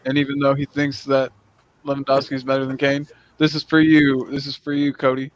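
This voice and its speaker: A man's voice: medium pitch, monotone, a little fast, highs cut off. An American man in his late twenties hosting a casual chat, rambling and laughing easily. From United States. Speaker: podcast host.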